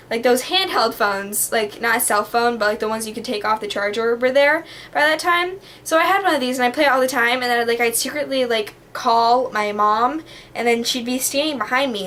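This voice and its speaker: A woman's voice: fairly high pitch, fairly bright tone, a little hiss or hum. A woman vlogging in a casual, rambling monologue that is full of fillers and has a bubbly, dramatic manner. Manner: rambling, heavy on the filler word "like".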